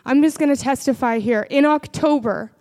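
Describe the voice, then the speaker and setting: A woman delivers a sermon in a high voice. She speaks earnestly, mixing scripture with her own testimony. At times she rises into fervent prayer. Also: moderate pace, a little mellow. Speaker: preacher.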